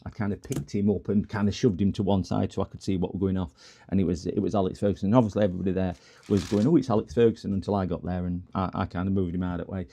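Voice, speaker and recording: A man's voice: deep voice, flat delivery, racing, creaky, warm tone. A man chatting casually to his stream while he works on repairs, telling rambling stories with lots of restarts and laughs. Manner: rambling, stop-start storytelling with frequent laughs and restarts. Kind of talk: casual chat while working. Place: workbench at home.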